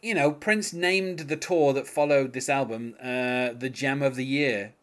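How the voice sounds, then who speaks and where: In an unhurried, mid-range voice with a bit of brightness, a man chats casually as a podcast host reviewing music. His delivery is hesitant, packed with fillers and restarts.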